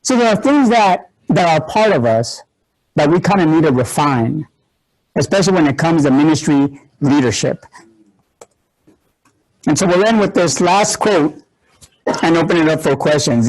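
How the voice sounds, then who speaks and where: A male ministry instructor teaches through personal stories before an audience, joking, laughing often, and poking fun at himself. His voice is fairly high, a little mellow, and lively in intonation, at a moderate pace with long pauses, on poor audio.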